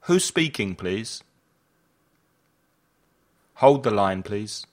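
A man's voice: lowish voice, expressive, extremely slow. A man reading travel phrases aloud for learners, one at a time, each with a falling end. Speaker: phrase reader for language learners.

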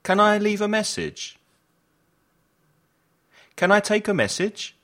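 Slow, deliberate man reading phrases. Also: high-pitched, very animated, a bit bright. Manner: deliberate, each phrase spoken on its own with a falling end. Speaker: phrase reader for language learners. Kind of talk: reading travel phrases aloud.

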